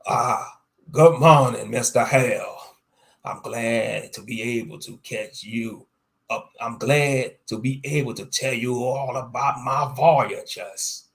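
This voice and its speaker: A man's voice: medium pitch, fairly even intonation, slow, fairly bright tone. Man doing a taunting pirate captain. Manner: taunting, chuckling, drawled sea-dog slang. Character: boastful murderous male pirate captain, gleeful.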